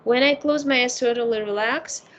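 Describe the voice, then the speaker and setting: A woman consultant talking casually, telling animated stories with many fillers. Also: fairly high pitch, moderate pace, rough recording. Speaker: psychic consultant. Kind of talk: casual conversation.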